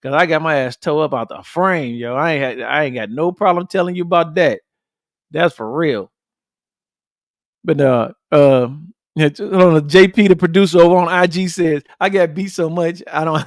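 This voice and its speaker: A man's voice: fairly high pitch, no echo, clean studio sound. Blunt, fired-up podcast host man. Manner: blunt, profane and animated, repeats points and calls out to viewers. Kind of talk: casual livestream chat with viewers.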